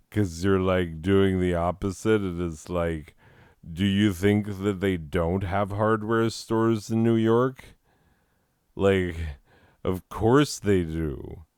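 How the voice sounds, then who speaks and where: Male comedy host with a low, smooth, unhurried delivery, riffing sarcastically. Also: a little mellow, no room sound, studio quality. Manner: sarcastic, mocking, laughs at own jokes. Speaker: comedy host reading listener letters.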